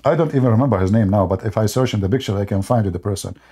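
A man's voice: on the low side, rapid-fire, dark tone, breathy edge. A man hosting a debate stream, talking in a casual, mocking monologue and wandering into rambling anecdotes, chuckling often. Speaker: debate show host.

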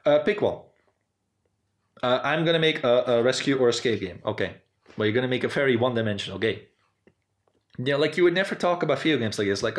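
A man hosting a casual video, rambling through his thoughts with many fillers and restarts. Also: quick pace. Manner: animated, jumps up in pitch. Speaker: video host. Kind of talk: casual unscripted commentary.

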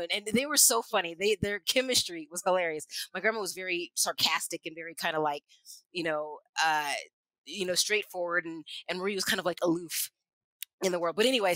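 A woman co-hosting a casual chat, telling lively family stories and laughing often. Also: on the low side, quick pace, no room sound, poor audio. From New Mexico. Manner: animated storyteller, laughs often, acts out quoted voices. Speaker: podcast co-host.

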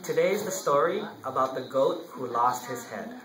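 Playful monk telling a story. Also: male voice, medium pitch, animated, moderate pace, reverberant, crowd noise, poor audio. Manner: playful, talks to listeners as "you guys". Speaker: Buddhist monk. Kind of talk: storytelling sermon. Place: temple hall.

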